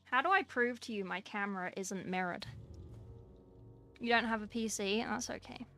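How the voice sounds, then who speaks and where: A woman's voice: medium pitch, normal speed, pushed and bright, soft background music. A young woman chatting casually on a livestream while painting miniatures, reading and answering her chat from a small room at home. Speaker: streamer.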